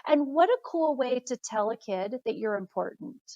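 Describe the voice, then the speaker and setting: A woman's voice: a little high, expressive, normal speed, warm tone, no echo, dull audio. A woman guest on an interview, an instructional coach, explaining her points earnestly and methodically. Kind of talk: casual interview chat.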